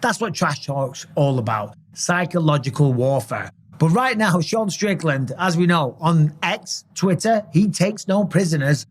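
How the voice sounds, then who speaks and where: A man's voice: on the high side, lively intonation, measured pace, few pauses. A man in his forties hosting a casual reaction commentary, emphatic and fond of asking "okay?" to drive points home. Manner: emphatic, tags lines with "okay?". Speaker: host.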